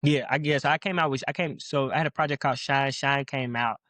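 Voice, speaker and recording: Young male rapper from Louisville, quick rambling slang, dry close sound, guest on a podcast. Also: medium pitch, fairly even intonation, fairly bright tone, no echo. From Louisville, Kentucky, US. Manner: rambling, slangy, laid-back. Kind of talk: casual podcast interview.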